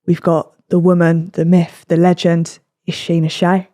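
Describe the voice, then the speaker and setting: A woman from England with a British accent hosting a casual podcast chat, bubbly and quick to laugh. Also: on the low side, completely flat delivery, mellow, dry recording, clean studio sound. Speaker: podcast host.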